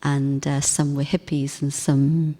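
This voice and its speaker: A woman giving a spiritual class talk, speaking in a gentle, reflective way with soft emphasis. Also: sits low, little pitch movement, slow. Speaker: spiritual teacher. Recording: long hall reverb.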